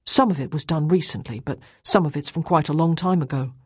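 A woman's voice: deep voice, brisk, husky, no room sound, studio quality. A woman voicing an earnest, awkward young man who speaks hesitantly, read in an audiobook.

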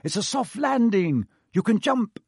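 A man's voice: high voice, big pitch swings, measured pace, creaky, husky, no echo, studio quality, voice pushed up, exaggerated voice. A man voicing a brave young schoolboy wizard in a lightly raised, earnest voice. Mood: calling out.

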